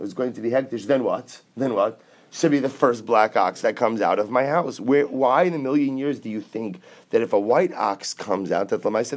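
A man's voice: mid-range voice, a little mellow. A man teaching a Talmud class, explaining step by step with rhetorical questions and mixing English with Aramaic and Hebrew quotes.

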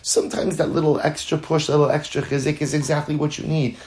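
A Torah teacher with a fairly high voice moves fast through a Talmud class, with slight background noise in the recording. Earnest throughout, he repeats phrases to stress them, uses Hebrew and Yiddish terms, and rises into lively, louder stretches.

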